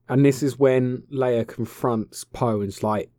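Young guy with a warm, dry voice who rants sarcastically and swears through a film recap. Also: medium pitch, fairly even intonation, slow pace, hardly any pauses, no room sound. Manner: sarcastic, swears freely, voices characters mockingly. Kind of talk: casual profane film recap.

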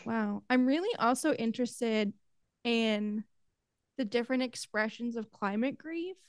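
A young woman with a slightly high voice talks in an effusive, easily moved way. The recording is dry and close. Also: a little slow, no echo. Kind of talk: casual chat.

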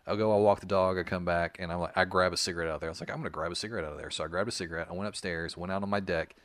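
Deep-voiced man in his thirties. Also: flat delivery, racing, a bit bright, no room sound. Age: 30s. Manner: rambling storyteller, explains things patiently. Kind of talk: casual chat.

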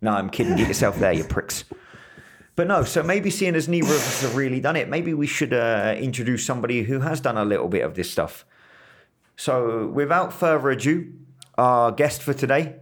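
A man's voice: mid-range voice, lively intonation, normal speed, slight background noise. A man hosting a casual podcast, teasing and joking in crude banter. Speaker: podcast host. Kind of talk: casual chat.

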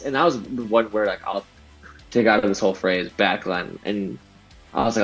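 Slangy, animated Southern California man. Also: medium pitch, a little fast. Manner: animated, slangy, acts out his own past lines. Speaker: guest, DJ. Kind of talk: casual storytelling chat. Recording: dull lo-fi podcast audio with faint music.

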